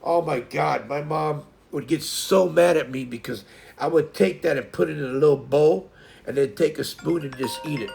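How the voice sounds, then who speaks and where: Gravelly man in his fifties rambling. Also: a little high, moderate pace, a little mellow, faint music behind. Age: 50s. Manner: folksy, meandering, lots of fillers and restarts. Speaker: live stream host. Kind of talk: rambling casual chat.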